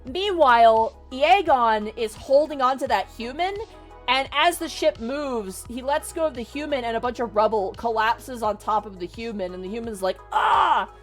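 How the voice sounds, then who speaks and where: Animated, swearing young streamer woman. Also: fairly high pitch, normal speed, soft background music. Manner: animated, swearing, heavy "like" fillers. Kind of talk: casual story retelling.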